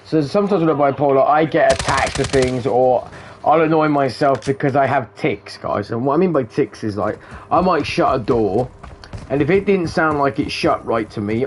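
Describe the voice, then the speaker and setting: A man's voice: medium pitch, normal speed, a little hiss or hum. A man talking casually and rambling while he plays a shooter, swearing often and calling his viewers "guys". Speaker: gamer streamer. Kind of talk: casual chat while gaming.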